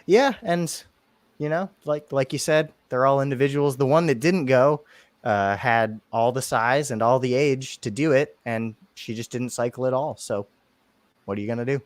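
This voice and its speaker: A man's voice: medium pitch, normal speed, no echo. A man co-hosting a podcast, chatting casually and laughing often between rambling asides. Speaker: podcast co-host. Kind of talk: casual chat.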